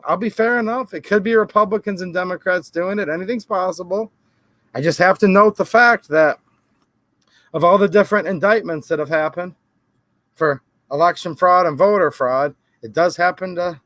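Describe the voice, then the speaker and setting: A man's voice: high-pitched, a bit bright, dry recording. A man hosting a live stream, answering viewer comments in a rambling, emphatic way with defensive asides. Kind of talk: casual live-stream talk.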